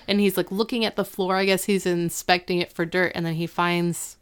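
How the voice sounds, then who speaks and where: Smooth-voiced woman in casual chat. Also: fairly low pitch, brisk. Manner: animated, acts out quotes in a raised voice. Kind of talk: casual chat recapping an episode.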